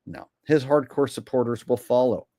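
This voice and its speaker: A man's voice: medium pitch, steady tone, normal speed, dark tone, dry recording, studio quality. A man hosting a commentary vlog and reading viewer donations, with a rambling, sarcastic and profane way of talking.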